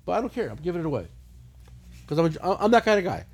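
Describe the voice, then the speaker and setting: A middle-aged man hosting a casual podcast, telling stories in a profane, animated way. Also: high voice, fast talker, breathy edge. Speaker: podcast host. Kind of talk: casual chat.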